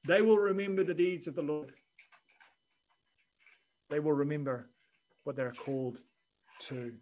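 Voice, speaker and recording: Guy preaching, kinda high voice, earnest and measured, goes soft then builds. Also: fairly even intonation, low-quality recording. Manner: earnest, measured preaching with quiet dips and rising emphasis. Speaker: pastor. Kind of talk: sermon.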